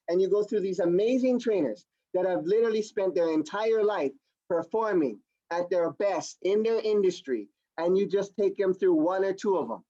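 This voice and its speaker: A man giving an energetic, repetitive sales training demo on a video call. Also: high-pitched, highs cut off. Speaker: product demonstrator. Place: home or office on a video call.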